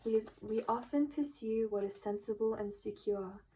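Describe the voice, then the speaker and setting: A woman giving a pick-a-card tarot reading, speaking gently and emotionally and at times dropping into a whisper. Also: on the high side, moderate pace, rough recording. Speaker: tarot reader. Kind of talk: soft-spoken tarot reading.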